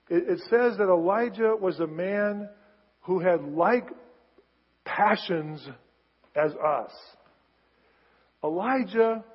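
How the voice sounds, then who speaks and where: Husky-voiced pastor preaching in a reverberant church. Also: male voice, high-pitched. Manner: conversational preaching, acts out biblical dialogue with rising intensity. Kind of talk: sermon. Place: church sanctuary. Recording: dull sound with long church reverb.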